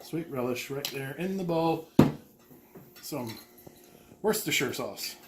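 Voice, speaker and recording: A man's voice: mid-range voice, animated, takes it slowly, heavy background noise. A man co-hosting a jokey home cooking demonstration, repeating each step in a goofy play-by-play. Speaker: cooking show co-host. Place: home kitchen. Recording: clatter of dishes in a kitchen.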